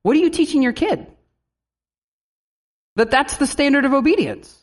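A man preaching a sermon as a pastor, in a lively style with animated asides. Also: very high-pitched, normal speed.

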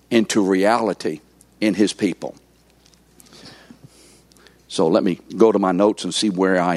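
A man preaching a sermon in a teaching manner, slowing down to stress key words and quizzing his listeners. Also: fairly low pitch, darkish tone, no echo. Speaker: pastor.

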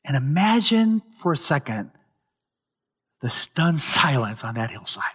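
A male pastor preaching a sermon, retelling a scripture story with dramatic emphasis and occasional loud peaks. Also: fairly high pitch, very animated, measured pace, slightly rough.

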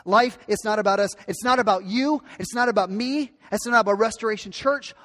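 A man's voice: high-pitched, a little fast, hardly any pauses, a bit bright. A male pastor giving an earnest, emphatic sermon that repeats its key points. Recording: long hall reverb.

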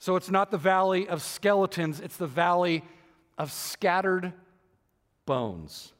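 A man's voice: sits high, expressive, slow pace, a bit bright, in a large hall. A man preaching a sermon, who restates his points again and again and asks the congregation rhetorical questions. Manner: repeats and rephrases for emphasis, asks rhetorical questions.

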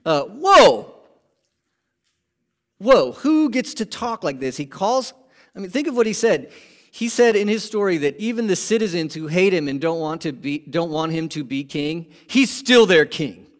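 Pastor, male, slightly high voice, lively and conversational, big emphatic builds. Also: unhurried. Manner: animated, rising to emphatic peaks then dropping low; conversational asides and rhetorical questions. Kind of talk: sermon.

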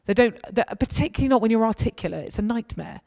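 A woman's voice: fairly high pitch, lively intonation, fast, vocal fry, a little mellow. A woman giving a conversational, anecdotal talk to a gathering. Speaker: speaker. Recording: reverberant hall.

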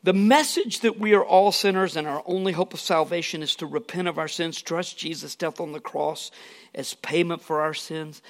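A man's voice: a little high, gravelly. A man preaching a sermon in an earnest, emphatic way, with casual asides to the congregation. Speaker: pastor.

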